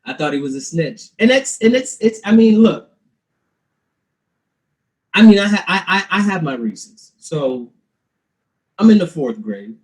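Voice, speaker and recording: A young man doing a stand-up comedy set, telling his stories in an animated, loose way. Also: high voice, slow pace, long pauses, low-quality recording. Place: live-streamed show.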